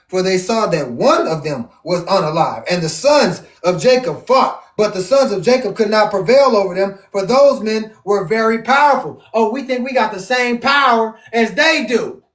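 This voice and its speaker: A man, teaching the Bible in a casual, animated, joking way, drawing out words for emphasis, his voice going hoarse. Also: sits high. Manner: animated, jokey, drawn-out emphasis. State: losing his voice. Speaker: preacher. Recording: echoey room, far from mic.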